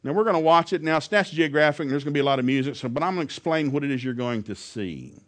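Male preacher and former teacher, animated storyteller who plays out the dialogue himself. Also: on the high side, racing. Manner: animated, acts out quotes loudly. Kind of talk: storytelling sermon.

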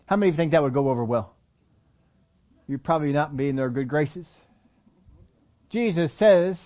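A man delivers a conversational sermon, often asking his listeners questions and acting out quoted voices. His voice sits a little high for a man. The audio is dull and lo-fi. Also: expressive, normal speed, pauses often. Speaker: preacher.

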